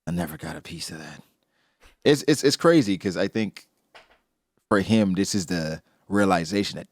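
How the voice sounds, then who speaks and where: In a dry, clean studio recording, a podcast co-host talks at a normal speed as he and his partner casually dissect a comic chapter. He voices the characters' lines with lively energy and large pitch leaps.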